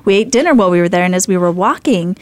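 A woman's voice: lowish voice, lively intonation, racing, dry recording. A middle-aged woman hosting a faith show, telling a story in a chatty, rambling way with many fillers and restarts. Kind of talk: casual storytelling.

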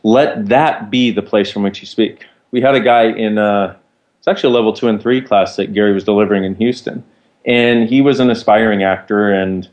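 A man's voice: on the low side, darkish tone. A man co-hosting, explaining ideas in a casual, rambling teaching chat. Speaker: co-host.

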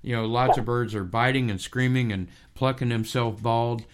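A man's voice: medium pitch, steady tone, moderate pace. A man hosting a radio interview, talking hesitantly with many fillers. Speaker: radio show host.

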